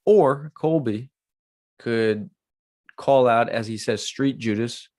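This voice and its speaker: A man hosting a casual MMA podcast, chatty and animated, acting out what people say. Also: medium pitch, slow pace, dry recording. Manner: chatty, animated, acts out quotes. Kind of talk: casual commentary on a live stream.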